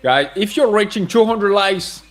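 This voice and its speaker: A man's voice: sits high, expressive, measured pace, faint music behind. A man hosting a live trading stream, reading out chat and laughing often. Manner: playful, laughs often, reads chat messages aloud.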